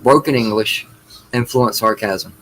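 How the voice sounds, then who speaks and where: A man's voice: on the low side, a little slow, fairly bright tone, a little hiss or hum, rough recording. A man co-hosting a casual movie review chat, joking and sarcastic, swearing freely. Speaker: podcast co-host.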